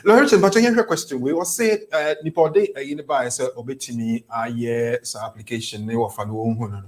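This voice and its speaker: A man with a Ghanaian accent hosting a talk show, reading out viewer questions in a halting way with many fillers. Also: medium pitch.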